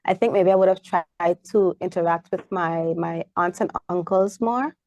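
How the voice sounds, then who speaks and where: A young woman with a Caribbean English accent speaks as a guest in a relaxed interview. Her voice sits low and sounds dry and close, and she brings her anecdotes to life by acting out the voices in them. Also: moderate pace, no room sound, dull audio. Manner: animated storyteller, acts out her child's voice. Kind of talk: casual interview chat.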